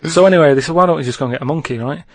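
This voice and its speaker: A man's voice: on the high side, racing, over a noisy crowd. A man telling a story on a comedy podcast in a rambling, casual way, checking in with "right?" as he goes.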